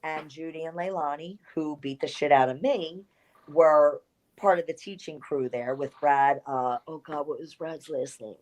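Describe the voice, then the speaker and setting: A woman, a former pro wrestler, telling candid stories in an interview, animated and blunt, with salty language. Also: sits low, normal speed.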